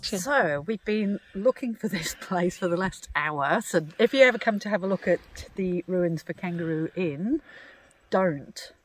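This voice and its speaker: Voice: medium pitch, expressive, normal speed, hardly any pauses, soft background music. An Australian speaker chatting casually outdoors, guiding a look around old ruins in a rambling way with restarts and chuckles. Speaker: paranormal investigator guide. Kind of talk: casual on-site chat.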